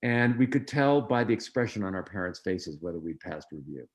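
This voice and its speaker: A man guesting on an interview, telling family anecdotes in a relaxed way, acting out quoted voices, with frequent ums and restarts. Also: sits low, brisk. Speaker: interview guest, film producer. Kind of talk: storytelling in a conversational interview.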